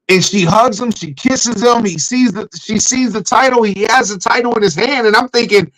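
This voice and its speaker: High-voiced man animatedly recapping wrestling. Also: normal speed, few pauses, rough recording. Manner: animated storytelling, acts out his own reactions. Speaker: podcast co-host.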